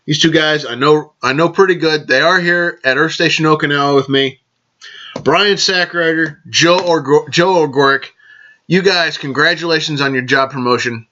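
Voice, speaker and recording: A man's voice: on the high side, moderate pace, bright, forceful tone, lo-fi sound. A man hosting a casual vlog, rambling along, correcting himself and raising toasts to his listeners. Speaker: podcast host.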